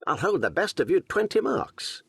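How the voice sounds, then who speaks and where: A man's voice: high-pitched, big pitch swings, moderate pace, creaky, a bit bright, husky, no echo, studio quality, pitched above the performer's own voice, heavily acted. A man voicing a bold, eager young outlaw archer, raised and boastful.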